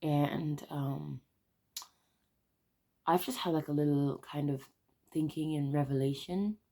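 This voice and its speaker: A young woman in her twenties confides to camera in a low, gravelly voice with a mellow, darkish tone. She is close to tears, and her confession comes out halting and soft. The delivery is a raw vlog confessional. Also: fairly even intonation. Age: 20s. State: on the verge of tears. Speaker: vlogger.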